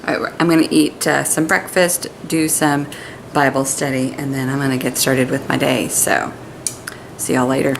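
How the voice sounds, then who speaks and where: A woman's voice: extremely low pitch, little pitch movement, normal speed, gravelly, noisy background. A young woman chatting cheerfully through a home vlog. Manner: chatty, cheerful, talks to her pets in baby talk. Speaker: vlogger. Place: home kitchen and living room.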